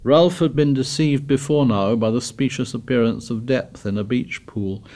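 Male audiobook narrator, mid-pitched, measured and even in his reading. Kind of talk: scripted narration.

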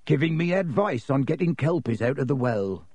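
A man voicing a huge, gruff but kindly gamekeeper who growls his words. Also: medium pitch, lively intonation, normal speed, a little mellow, no echo. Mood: grumbling. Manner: growling, hearty.

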